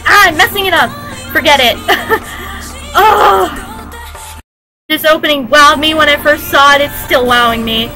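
High, bright-voiced gushing woman. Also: fairly quick, some chatter behind. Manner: gushing, excitable exclamations. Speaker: video game reaction channel host. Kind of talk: casual reaction commentary. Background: game music.

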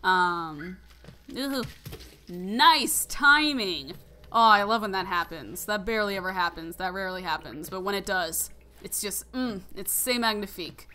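A young woman giving casual, rambling gameplay commentary, full of fillers and quick laughs. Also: mid-range voice, pushed and bright. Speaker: let's play commentator.

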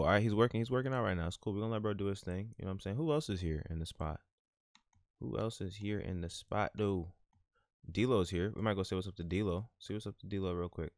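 A man's voice: low-pitched, no room sound. A man hosting a gaming channel, giving casual, laid-back, slang-heavy commentary while he plays.

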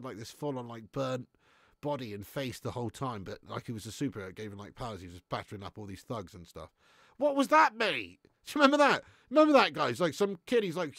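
Lively-voiced streamer, chatty. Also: male voice, mid-range voice, no echo, studio quality. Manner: laid-back, swearing, reads chat aloud. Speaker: gaming streamer. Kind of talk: casual live-stream chat.

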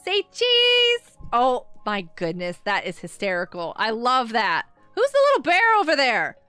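A woman with a high, bright voice chats excitedly while she plays a game live, her pitch swinging widely as she gasps and laughs. Faint game music plays behind her. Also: normal speed, clear, resonant tone, no echo. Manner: excitable, gasping and laughing often. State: sleepy, yawning. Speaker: gaming livestreamer. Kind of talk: casual live gameplay chat.

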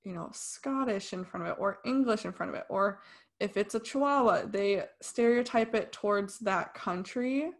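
A young woman talks through a film review on a podcast, and her talk is chatty and opinionated. Her voice sits at an ordinary middle pitch. She drops into dry sarcasm now and then. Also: moderate pace. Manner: animated, opinionated, sarcastic asides. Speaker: podcast co-host. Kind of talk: casual film review chat.

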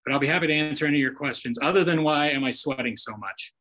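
A man's voice: on the high side, quick pace, pushed and bright, low-quality recording. Guy on a zoom call telling folksy golf stories, doing little voices for the people in them. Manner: folksy anecdotes with acted-out quotes. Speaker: guest author telling stories. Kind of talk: storytelling on a video call. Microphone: video call.

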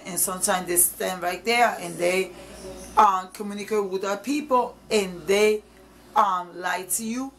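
A woman's voice: mid-range voice, slight background noise, poor audio. A woman evangelist preaching informally to camera, emphatic and repetitive, in nonstandard English.

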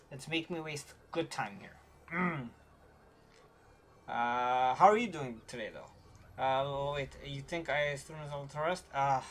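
Woman streamer chatting w/ her chat while gaming, swoopy lively voice, a bit of hiss behind. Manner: animated and chatty, easily frustrated; voice jumps high when excited. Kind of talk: casual gaming commentary, chatting with viewers.

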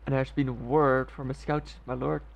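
A man's voice: mid-range voice, flat delivery, moderate pace, vocal fry, slight background noise, close to an everyday voice, rough recording. A man reading aloud the lines of a dutiful, anxious palace official in a game, with game music behind. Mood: worried.

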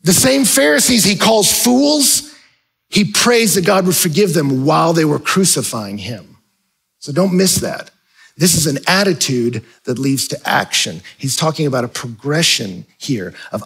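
A male pastor preaching a sermon in a conversational, animated way, acting out quick asides. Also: a little high, gravelly, husky, rough recording.

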